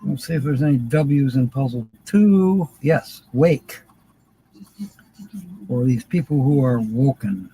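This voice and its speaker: Taking things slowly, an older man running a livestream word game chats casually and chuckles often while reading viewers' names. His medium-pitched voice has a dark tone, and the poor audio carries a little hiss or hum.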